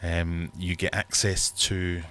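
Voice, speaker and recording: Man, british accent, thirties, very low voice, rambling livestream host, jokey, reads chat aloud. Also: level tone, takes it slowly, bright, forceful tone. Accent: British English. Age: 30s. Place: home fish room.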